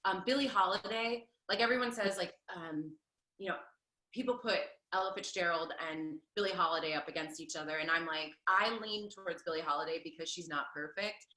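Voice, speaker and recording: A woman in her thirties, a stage performer, answering interview questions in an animated, chatty way with lots of fillers. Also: lowish voice, fairly quick, roomy sound, poor audio. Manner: animated, laughs often, many fillers. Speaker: Broadway performer, guest.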